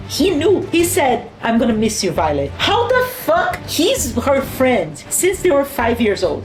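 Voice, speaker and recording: A woman's voice: fairly high pitch, a little mellow. A middle-aged woman reacting to a fantasy novel, exclamatory and close to tears between bursts of laughter. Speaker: mother reading the books. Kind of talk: emotional reading reactions.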